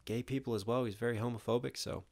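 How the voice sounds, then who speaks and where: Animated young man reacting to a video. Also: medium pitch, quick pace. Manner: animated, laughs often, swears casually. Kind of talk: casual reaction commentary.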